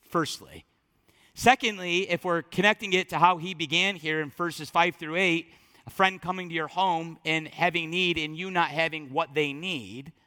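Middle-aged male pastor, high bright voice, casual storytelling sermon, long church reverb. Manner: conversational storytelling, animated quoted voices. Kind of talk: sermon with personal stories. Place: church sanctuary. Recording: long reverb of a large hall.

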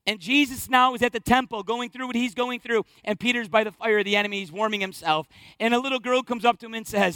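A male pastor preaching a sermon with passion, acting out scenes with sudden shouts and hushed drops. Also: extremely high pitch, quick pace, no echo.

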